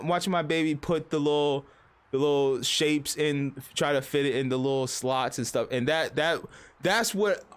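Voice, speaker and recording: A man's voice: a little high, clean tone. A man in his thirties chatting casually on a livestream, rambling and swearing, often acting out other people's voices. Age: 30s. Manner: rambling and profane, acting out voices mid-story. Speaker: streamer.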